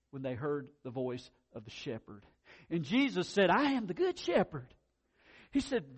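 Animated man preaching a sermon. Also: on the high side. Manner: animated, swings between loud emphasis and quiet asides; repeats words when excited. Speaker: pastor.

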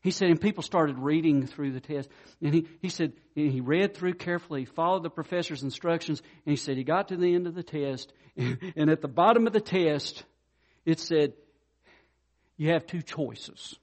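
A pastor with a slightly high voice preaches briskly, keeping his sermon conversational and direct as he tells stories and speaks straight to his listeners.

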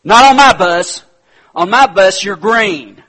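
A man acting out an exasperated, fed-up bus driver who shouts in a raised, husky voice. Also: expressive, racing, low-quality recording. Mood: exasperated shouting. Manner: shouting, high and loud.

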